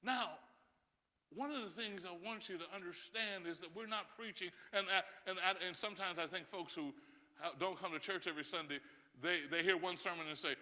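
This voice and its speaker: A man preaching a sermon as pastor, emphatic and often laughing, building to loud, rising calls. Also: high voice, a little fast. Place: church sanctuary. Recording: church sanctuary with long reverb.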